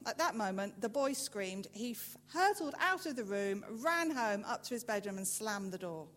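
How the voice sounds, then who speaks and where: A woman preacher giving a sermon in a church, telling a story with measured delivery and emphatic rises. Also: mid-range voice, lively intonation, a bit bright. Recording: reverberant church hall with faint hum.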